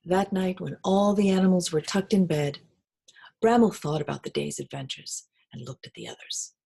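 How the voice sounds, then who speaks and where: A woman reading a children's picture book aloud in an expressive, sing-song storytelling manner. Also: fairly low pitch, normal speed, vocal fry, slight background noise. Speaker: reader.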